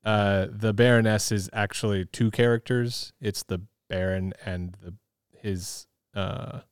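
A thoughtful man with a low, smooth, resonant voice, walking through his reasoning in casual podcast chat. He hedges a lot and talks it out as he goes. The sound is dry and close. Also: fairly even intonation, unhurried, dry recording. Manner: thoughtful, explanatory, hedging. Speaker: podcast co-host.

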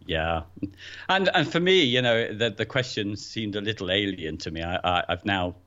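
A deep-voiced man talks through a casual podcast as co-host. He often stumbles and repeats words before getting going. The recording sounds a little dull and lo-fi. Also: animated, moderate pace, sharp tone. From England. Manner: hesitant, repeats words when starting.

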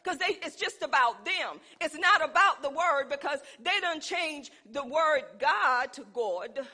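A woman preaching with a very high, bright, forceful voice. She calls out to her listeners and draws them into call-and-response. Her delivery swells into fervent emphasis. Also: lively intonation, a little slow. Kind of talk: sermon.

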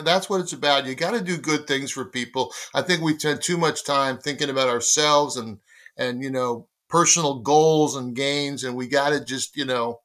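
A man being interviewed as a guest, telling anecdotes in a conversational, animated way and acting out the dialogue of the people in them. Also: mid-range voice. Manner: animated storyteller who acts out quoted dialogue. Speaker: guest, baseball editor and former team publicist.

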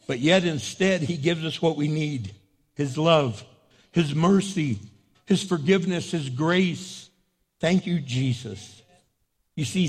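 A pastor delivers a fervent sermon, urging the congregation to call back to him. He swings between loud exhortation and quiet, intimate asides.

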